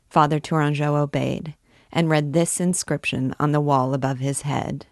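Low-voiced woman reading a novel aloud. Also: fairly even intonation, normal speed, no room sound, studio quality. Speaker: literature teacher reading aloud. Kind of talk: book reading with commentary.

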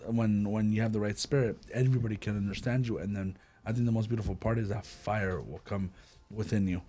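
Man, casual faith discussion host, animated, acts out quotes. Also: on the low side, a little fast.

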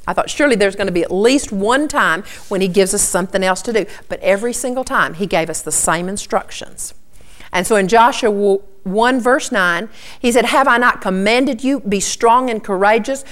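A woman's voice: mid-range voice, normal speed. A middle-aged woman preaching a sermon, earnestly teaching and quoting scripture to her listeners. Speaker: Bible teacher.

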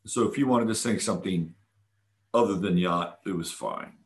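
A podcast host with a deep voice chats enthusiastically about a weekend event at a moderate pace, in a casual monologue full of fillers and restarts. There's a little hiss or hum in the recording.

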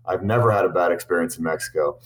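This man, who makes cycling videos and comes from Boulder, Colorado, has a deep voice and talks quickly. In an interview he answers with lengthy, sincere, enthusiastic stories, often restarting his sentences.

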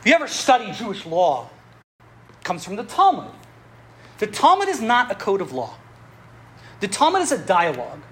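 A woman teaching a class on Jewish history, telling stories in an animated way with frequent chuckles and restarts. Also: mid-range voice, normal speed, long pauses, a little hiss or hum. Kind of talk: classroom lecture with storytelling. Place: classroom with students.

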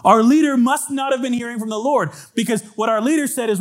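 A man with a high voice preaches to his church congregation. He reads scripture aloud and talks through it in an earnest way, pausing to ask for an amen. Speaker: pastor. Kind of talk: sermon.

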